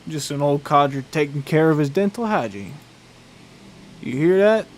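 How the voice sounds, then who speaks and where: A man voicing a grumpy, hard-drinking old male crewmate in a put-on Southern accent, gruff and sardonic, with faint room noise. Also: on the high side, expressive, moderate pace, natural voice, low-quality recording. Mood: boozy gleeful.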